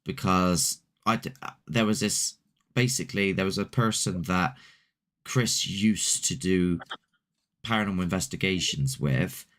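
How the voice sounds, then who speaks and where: A man's voice: low voice, measured pace, fairly bright tone. A man, a paranormal investigator hosting a casual chat, rambling and laid-back with mild swearing. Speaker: paranormal investigator and show host.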